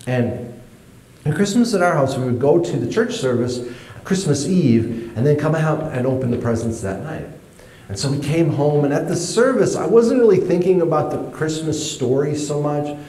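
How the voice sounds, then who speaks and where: A man telling a personal story to an audience, animated, jumping high in pitch when he acts his younger self. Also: moderate pace, echoey room, a little hiss or hum.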